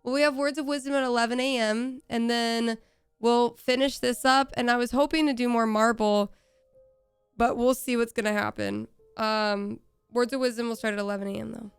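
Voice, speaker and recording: High-voiced excitable woman streamer. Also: normal speed, clean tone, faint music behind. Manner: chatty, excitable, swears freely, laughs often. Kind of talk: casual live-stream chat. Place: home room.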